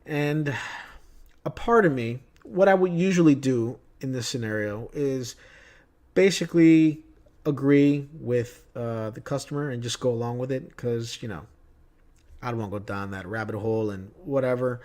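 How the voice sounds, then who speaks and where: A man's voice: medium pitch, normal speed, a little mellow. A man vlogging casually about movie news, chatty and opinionated, telling stories from his day. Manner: chatty, opinionated, tells anecdotes.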